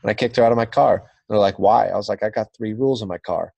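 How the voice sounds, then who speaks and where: A man's voice: fairly low pitch, quick pace, gravelly, darkish tone, slightly rough, dry recording, highs cut off. A young man with a Californian accent, telling a profane, blunt story in casual podcast chat. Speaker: podcast guest.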